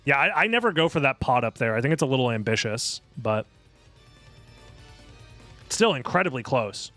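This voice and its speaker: Lively jokey male game commentator. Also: medium pitch, moderate pace, soft background music. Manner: excitable, rambling and jokey. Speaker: streamer and tournament commentator.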